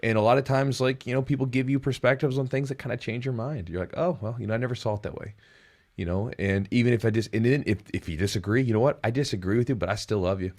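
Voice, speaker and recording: A man hosting a podcast in casual chat, talking in an animated, rambling way with sudden jumps in pitch. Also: quick pace, hardly any pauses. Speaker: podcast host.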